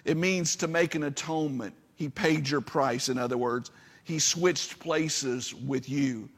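A man's voice: on the high side, measured pace, in a large hall. A man preaching a sermon as pastor, earnest and building to impassioned peaks.

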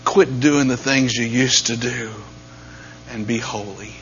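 Slow, hushed-to-loud male preacher. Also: medium pitch, steady tone. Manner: swings from hushed near-whispers to loud emphatic peaks. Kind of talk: sermon. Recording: dull lo-fi sound with faint mains hum.

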